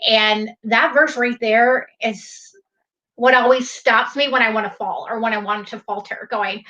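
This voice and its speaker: A woman's voice: fairly high pitch, fairly even intonation, measured pace, sharp tone, dull audio. A woman, a former teacher, sharing her faith story in a casual chat, earnest and emotional. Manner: earnest, emotional, openly devout.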